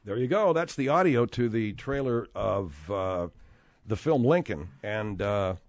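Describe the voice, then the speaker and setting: A man's voice: on the low side, very animated, unhurried. A man hosting a talk radio show, rambling with lots of restarts and asides. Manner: rambling, many fillers and restarts. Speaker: radio host.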